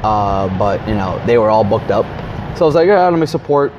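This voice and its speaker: A man's voice: fairly low pitch, expressive, a little fast. A man, a local pro wrestler, chatting casually in an interview, playful and a little stuttery. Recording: dull lo-fi sound with clear street noise.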